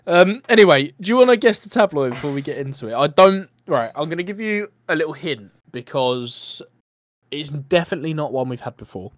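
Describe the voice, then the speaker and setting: Male podcast host, playful and animated, dry close recording. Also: a little high, brisk, dry recording. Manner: playful, quizzing, laughs often. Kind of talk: casual podcast chat.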